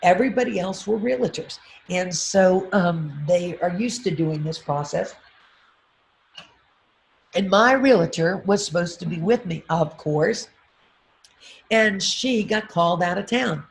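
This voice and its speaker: A middle-aged woman, a motivational speaker, telling a personal story on a video call in an animated way, repeating affirmations and laughing often. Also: fairly low pitch, measured pace, gravelly.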